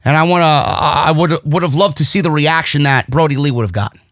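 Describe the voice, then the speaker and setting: Excitable, foul-mouthed wrestling reviewer man. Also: on the high side, brisk, no echo, studio quality. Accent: New York. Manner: excited, blunt, swears freely. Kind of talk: casual commentary review.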